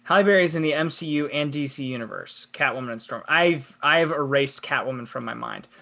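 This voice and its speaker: A man's voice: medium pitch, brisk, gravelly, bright, forceful tone. A young man co-hosting a live podcast, chatting casually, laughing often and reading chat comments aloud. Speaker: podcast co-host.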